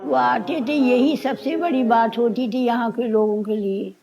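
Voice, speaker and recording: A woman fondly recounting a story in a brisk manner. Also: a little high, steady tone, warm tone, soft background music, low-quality recording. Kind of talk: anecdotal storytelling.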